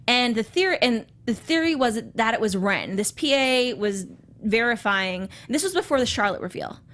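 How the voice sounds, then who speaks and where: A woman's voice: a little high, expressive, moderate pace, a bit bright. A woman guest in a casual chat, talking enthusiastically with frequent restarts. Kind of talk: casual chat about a TV show.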